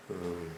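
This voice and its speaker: An older man giving a temple lecture, hoarse and losing his voice, speaking haltingly and often clearing his throat. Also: dark tone, slight background noise. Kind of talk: lecture to a congregation. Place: temple hall.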